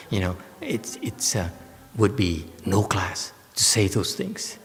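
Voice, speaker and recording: A man, a Buddhist monk giving a slow, joking dharma lecture with many fillers and teasing asides. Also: fairly low pitch, very animated. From United States. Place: temple lecture hall. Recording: long hall reverb.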